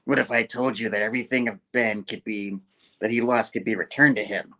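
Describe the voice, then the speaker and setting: A man voicing a calm, probing therapist. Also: lowish voice, fairly quick.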